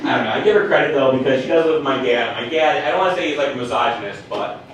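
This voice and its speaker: A man's voice: mid-range voice, rapid-fire, recorded from a distance. A young man performing a stand-up comedy set in a bar basement, with punchy lines and muttered asides. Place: basement of a bar, live crowd. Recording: echoey room, heard from afar, audience noise.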